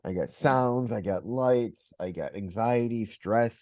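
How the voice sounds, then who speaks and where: Man, low voice, dark tone, dry close sound, podcast host, casual storytelling. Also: slow pace, no room sound. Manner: animated retelling with quoted voices.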